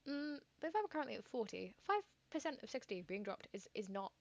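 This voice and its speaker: A woman's voice: on the high side, sing-song, fast talker, vocal fry, no echo, dull audio. A woman, chatting casually and thinking aloud while streaming a game, with lots of fillers and rambling asides. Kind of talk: casual gameplay commentary.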